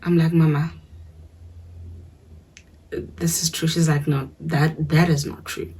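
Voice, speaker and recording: South african woman telling a story, low and super husky, mixes english and zulu. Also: flat delivery, slow, a little mellow, rough recording. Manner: switches between English and isiZulu, asks listeners to follow along. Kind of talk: casual storytime.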